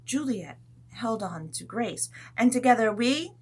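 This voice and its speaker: A woman teacher telling a story to young children in a gentle, animated way, adding sound effects as she goes. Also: mid-range voice, normal speed.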